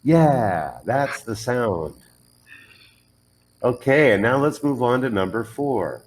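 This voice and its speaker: A man's voice: medium pitch, expressive, slow, a little hiss or hum, rough recording. A man teaching English pronunciation one on one, patiently modelling words and correcting the learner's drills.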